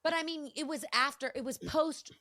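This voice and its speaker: A woman hosting a podcast interview, effusive and excitable, with many quick affirmations. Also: high voice, no echo, clean studio sound. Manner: effusive, frequent backchannels, excitable. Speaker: podcast host. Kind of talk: casual interview chat.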